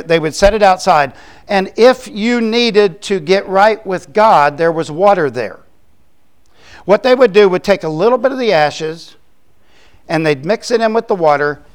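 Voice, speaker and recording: A man preaching as a pastor, explaining scripture in a conversational way with quick asides. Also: fairly high pitch, clear, resonant tone. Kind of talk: sermon.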